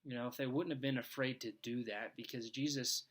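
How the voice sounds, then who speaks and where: A man's voice: mid-range voice, steady tone, a little fast, a bit bright. A man reading scripture aloud and reflecting on it in an earnest, conversational devotional talk, thinking aloud as he goes. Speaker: devotional speaker.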